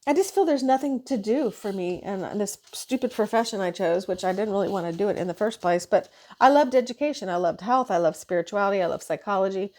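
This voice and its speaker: A woman's voice: mid-range voice, quick pace, few pauses. A woman nurse venting in a casual monologue, frustrated and swearing as she retells her shift. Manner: frustrated, profane, animated retelling.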